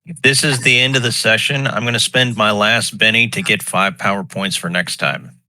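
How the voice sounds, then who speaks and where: Brief: a man as a tabletop player, low voice with a sharp bright edge, easygoing and a bit unsure. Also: fairly even intonation, moderate pace, no room sound, poor audio. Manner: hesitant, with fillers. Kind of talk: casual game chat.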